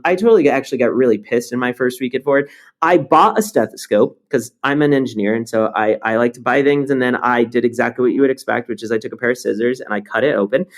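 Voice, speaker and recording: A man, a startup founder, talking bluntly and with energy in an interview, swearing now and then. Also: fairly high pitch. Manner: animated and blunt, swears, tells stories with energy. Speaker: startup founder and CEO, guest. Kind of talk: conversational interview.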